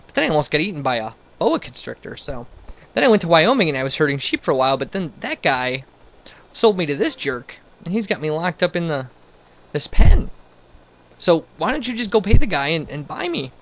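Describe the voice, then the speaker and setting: A man's voice: on the high side, sing-song, a little fast, pitched above the performer's own voice. A man voicing a chatty, boastful male talking dog in a spoken joke, rambling and offhand. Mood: complaining.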